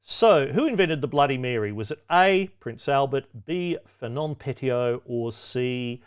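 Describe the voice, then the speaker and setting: Sardonic quizmaster with a lively voice. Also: male voice, medium pitch, measured pace, hardly any pauses, clear, resonant tone. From Australia. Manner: sardonic, with wry, cheeky asides; chatty, with frequent ums and self-corrections. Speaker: quiz host. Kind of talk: pub-quiz hosting.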